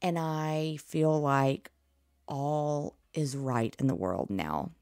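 Woman host, low and gravelly, nearly losing her voice, excitable play-by-play storyteller, dry close recording. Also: slow pace, no echo. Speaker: podcast host. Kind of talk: casual sports recap.

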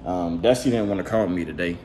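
A man's voice: low voice, rapid-fire, darkish tone. Teasing young man vlogging at home. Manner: playful teasing, slangy. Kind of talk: casual vlog chat. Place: home, indoors. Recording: echoey room, faint noise.

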